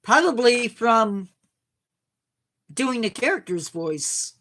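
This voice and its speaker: A woman's voice: on the high side, very animated, takes it slowly, fairly bright tone. A woman streamer with a slightly sore voice, chatting casually and self-deprecatingly with viewers. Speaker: game streamer.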